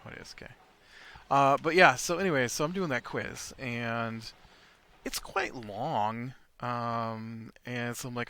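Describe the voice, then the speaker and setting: American guy chatting thru a game, slow and unhurried, um-ing and uh-ing a lot, bright tense-ish voice. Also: mid-range voice, clear, resonant tone, no room sound. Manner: rambling, thinking aloud with many fillers. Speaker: let's play host. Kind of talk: casual gameplay commentary.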